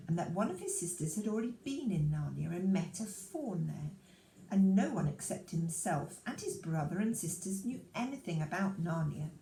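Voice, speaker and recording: A woman reads a children's story aloud in a lively, expressive voice that rises and falls. Her tone is mellow, and the recording sits in an echoey room with a faint hum behind. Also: medium pitch, creaky. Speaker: children's church reader.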